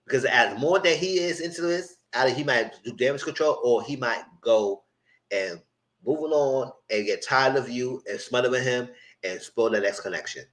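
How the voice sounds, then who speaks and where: A man's voice: medium pitch, moderate pace, poor audio. A man hosting a live recap of a reality TV show, talking casually and acting out what the cast said. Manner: animated, acts out quotes in voices. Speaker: TV recap host. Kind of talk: casual live-stream commentary.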